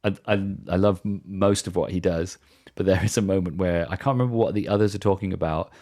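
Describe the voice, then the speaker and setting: A man's voice: low-pitched, quick pace, warm tone. A man co-hosting a podcast in casual chat, retelling film scenes in a reflective, hesitant way. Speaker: podcast co-host.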